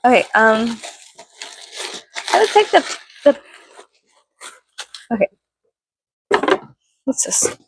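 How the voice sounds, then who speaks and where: Giggly woman with a gravelly, husky voice. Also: mid-range voice, no echo. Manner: giggly, rambling and self-mocking. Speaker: vlogger reviewing a perfume package. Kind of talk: casual unboxing chat.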